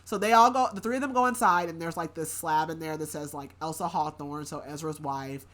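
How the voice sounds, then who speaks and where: A woman's voice: low voice, brisk, a bit bright. A woman hosting a book podcast, casually recapping a story in a rambling way with many filler words.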